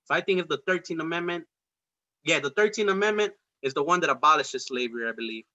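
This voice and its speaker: A man's voice: on the high side, expressive, fast talker, pushed and bright, highs cut off. A man hosting a casual talk show, rambling and profane, with streetwise slang. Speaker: podcast host. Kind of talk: casual political debate chat.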